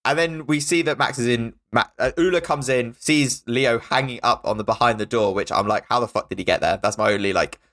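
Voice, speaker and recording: A man's voice: medium pitch, a little fast, few pauses, a bit bright. A man co-hosting a podcast, chatting eagerly about a film and acting out its lines. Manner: enthusiastic, quotes film lines in put-on voices. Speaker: podcast co-host. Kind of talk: casual film review chat.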